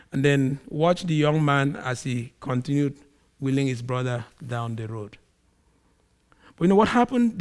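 A man preaching a sermon, acting out quoted speech with big swings in volume and pitch. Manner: acts out quoted speech in a raised voice. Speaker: pastor.

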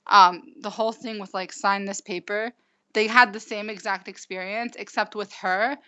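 A woman in her twenties from the United States, recounting events in a halting way with many fillers and restarts. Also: medium pitch, steady tone, bright, forceful tone. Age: 20s. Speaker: interview guest. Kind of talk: casual recounting. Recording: dull lo-fi recording.

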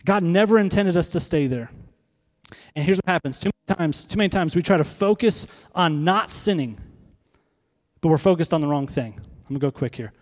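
A man's voice: on the high side, expressive, fairly quick. A pastor preaching a sermon to his congregation, conversational, throwing rhetorical questions to the room. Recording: long reverb of a hall.

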